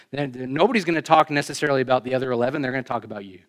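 A male pastor delivers a sermon in a conversational, emphatic way. His voice sits at an ordinary middle pitch, climbing sharply for the key points and sinking quietly afterward, with casual asides to the congregation. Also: very fast, few pauses. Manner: emphatic, rising for stresses, then dropping low.

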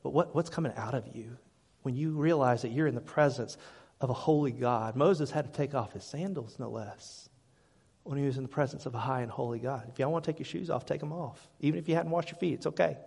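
A man preaching a sermon as pastor, his voice rising to loud, fervent peaks and then dropping to quiet asides, often repeating words as he restarts. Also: mid-range voice, fairly quick, creaky, husky. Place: church sanctuary. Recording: hall reverb.

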